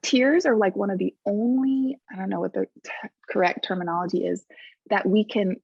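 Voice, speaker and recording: A woman with a gravelly, husky voice talks as a podcast guest, heartfelt and emphatic. Her audio is dry and dull, a lo-fi remote line. She presses on key words with warm conviction. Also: mid-range voice, steady tone, moderate pace, dry recording. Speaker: guest, coach. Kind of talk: casual podcast conversation.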